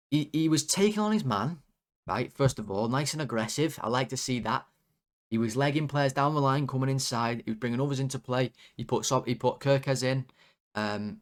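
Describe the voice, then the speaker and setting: Sweary ranting man. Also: mid-range voice. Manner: animated, sweary, exasperated. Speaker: football fan channel host. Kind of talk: casual football rant.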